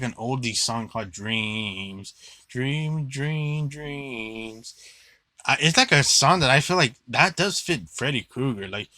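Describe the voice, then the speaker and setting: A young man gives a casual movie review, blunt and rambling, with lots of filler words and offhand swearing. His medium-pitched voice is bright and forward, recorded close and dry with no echo or room sound.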